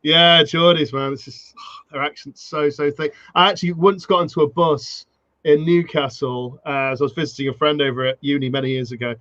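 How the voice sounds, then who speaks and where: Host guy, kinda high voice, eager, dry muffled mic. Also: steady tone, fairly bright tone, no room sound. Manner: enthusiastic, quick to agree. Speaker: podcast host. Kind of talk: casual interview chat.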